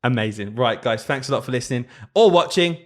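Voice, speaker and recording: Young male co-host, animated and quick to laugh, casual storytelling. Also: mid-range voice. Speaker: podcast co-host, primary school teacher. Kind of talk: casual chat.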